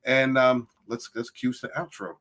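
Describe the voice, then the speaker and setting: Um homem apresentando um podcast, animado, chamando os convidados de irmão. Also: male voice, mid-range voice, steady tone, normal speed, a bit bright. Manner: upbeat, calls guests brother. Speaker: podcast host. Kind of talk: casual podcast hosting.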